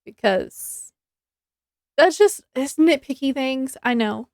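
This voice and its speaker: Slow, chatty woman reviewing books. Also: sits high, animated, gravelly, no room sound, clean studio sound. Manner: chatty, rambling, many ums and restarts; laughs easily, acts out her reactions. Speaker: book reviewer. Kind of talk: casual book review vlog.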